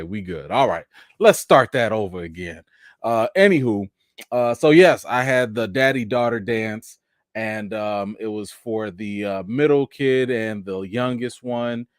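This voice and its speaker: A man hosting a live stream with three young daughters, talking in a relaxed, chatty way and greeting viewers one by one, in a casual voice. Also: on the low side, no echo. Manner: laid-back, chatty, greets viewers by name.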